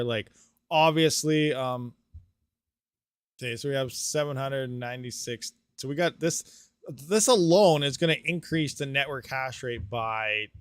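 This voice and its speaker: A man hosting a live stream, thinking aloud through calculations with excitable bursts and laughs. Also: mid-range voice, measured pace, smooth, no room sound. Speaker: crypto mining streamer.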